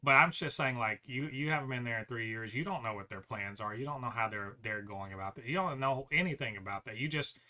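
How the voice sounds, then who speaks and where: A man co-hosting a podcast, ranting in a profane, animated way with lots of restarts. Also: mid-range voice, brisk, few pauses. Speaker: podcast co-host. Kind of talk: casual podcast chat.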